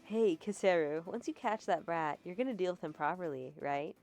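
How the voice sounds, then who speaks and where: A woman's voice: lowish voice, expressive, normal speed, gravelly, a little mellow. Chatty woman streamer live-translating a game. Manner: casual, chatty, laughing asides. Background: game music.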